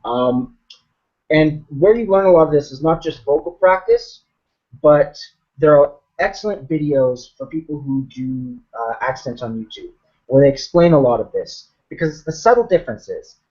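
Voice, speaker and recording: A man's voice: fairly high pitch, lively intonation, normal speed. A man, a game master, explaining tips in casual chat on a video call, talking things through with frequent ums and restarts. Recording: muffled video call audio.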